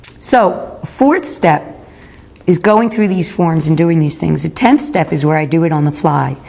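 A woman's voice: sits low, lively intonation, unhurried, vocal fry, darkish tone. A woman in her fifties giving a candid, reflective personal talk at a recovery meeting, speaking openly about her own faults. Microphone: recorded talk.

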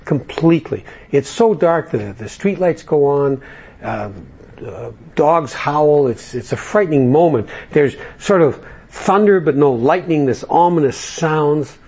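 A husky-voiced man talking to a recovery group, loose and conversational. He tells jokes and stories and keeps circling back with fillers. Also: a little high, lively intonation, unhurried, a little mellow. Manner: conversational storyteller, jokey, with fillers. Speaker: recovery program speaker.

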